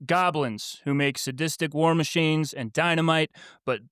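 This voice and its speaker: Smooth-voiced man telling a laughing story. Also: a little high, fairly even intonation, normal speed, fairly bright tone, dry recording, studio quality. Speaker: podcast co-host. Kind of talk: casual chat.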